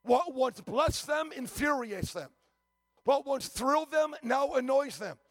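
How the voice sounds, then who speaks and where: A man's voice: extremely high pitch, expressive, a little slow, no echo, studio quality. A man preaching a sermon as a visiting preacher, telling stories emphatically with frequent restarts and stammers.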